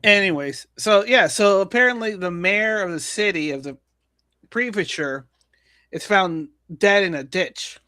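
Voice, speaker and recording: Bright-voiced man riffing on the news. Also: sits high, no room sound, clean studio sound. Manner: halting, frequent restarts and chuckles. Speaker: news commentary host. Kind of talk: casual comedic news commentary.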